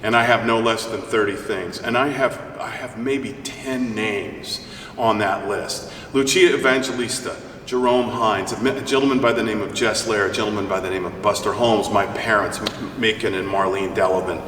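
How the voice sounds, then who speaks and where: A man's voice: lowish voice, normal speed. A middle-aged male opera singer talking as an interview guest, joking and rambling as he tells stories. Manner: joking, rambling, animated storyteller. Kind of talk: casual interview chat. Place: church. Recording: roomy church hall, mic at a distance, faint hiss.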